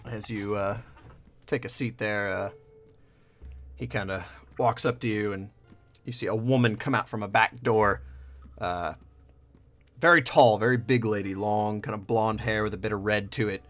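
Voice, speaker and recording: A man's voice: lowish voice, fairly even intonation, moderate pace, pauses often, fairly bright tone. A man running a tabletop game, describing scenes loosely with many fillers. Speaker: game master.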